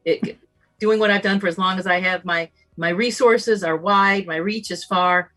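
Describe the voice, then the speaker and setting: A woman's voice: on the low side, moderate pace, a bit bright, soft background music. A middle-aged woman who hosts a long-running radio talk show, speaking as a guest, confident and service-minded. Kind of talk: guest interview on a live video show.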